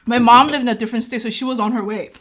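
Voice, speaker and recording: A woman's voice: a little high, steady tone, racing, fairly bright tone. A woman vlogger telling a personal story in a casual way. She acts out the dialogue and keeps checking in with "right?".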